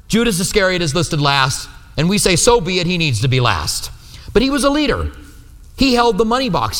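A man with a high, somewhat bright voice preaches a conversational sermon in a church, teaching and often asking the congregation to agree with him. The recording has a long hall reverb.

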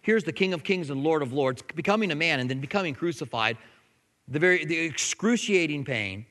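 A man preaching to his church in an easy, conversational way, now and then sinking into a soft, intense hush. His voice sits a little high. The sound carries the long reverb of a large hall. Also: expressive, brisk. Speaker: pastor. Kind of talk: sermon.

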